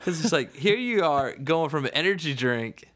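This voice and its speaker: A man's voice: fairly high pitch, animated, moderate pace, a bit bright. A man in casual podcast chat, telling a story with lots of laughter and frequent "right?" asides.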